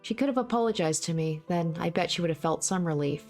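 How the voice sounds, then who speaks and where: A woman reading a visual novel aloud in the first person, in a steady, measured way. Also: fairly low pitch, soft background music. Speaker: let's play narrator.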